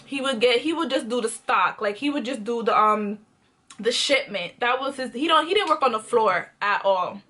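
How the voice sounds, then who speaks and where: A young woman tells a story straight to her viewers in a loose, slangy, conversational way. Her voice sits high and sounds bright and sharp. She keeps it animated and jumps into the voices of the people in her story. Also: normal speed. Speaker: vlogger. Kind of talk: casual storytime.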